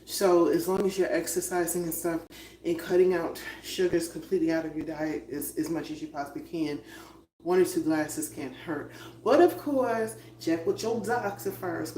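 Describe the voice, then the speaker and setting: Woman home cook on a live vlog, low-pitched and chatty, in an echoey kitchen. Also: mellow. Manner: chatty, laughing, moving around the kitchen. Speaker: vlogger cooking on a livestream. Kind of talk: casual chat to viewers while cooking. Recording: echoey room, voice drifting off-mic, noisy.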